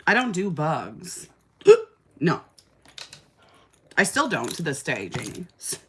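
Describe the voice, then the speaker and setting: A woman with a low-pitched voice and a bright, pushing tone recounts a chaotic story to her livestream audience. She talks casually and dramatically, throwing in swear words as she applies makeup. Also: normal speed, long pauses, slight background noise. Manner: animated, exaggerated storyteller who swears casually. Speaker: livestream host doing makeup.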